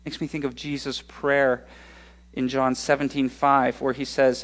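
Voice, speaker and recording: A male pastor preaching a sermon in an expressive way, slowing down and speeding up for emphasis. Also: medium pitch. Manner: expressive, shifting pace for emphasis.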